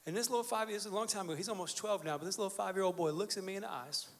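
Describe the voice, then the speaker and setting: A man preaching a sermon in a church, loose and conversational, with plenty of "like" and "um" as he tells a family story. His voice sits high for a man. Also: rapid-fire. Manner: conversational, joking storytelling with fillers. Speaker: pastor. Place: church sanctuary.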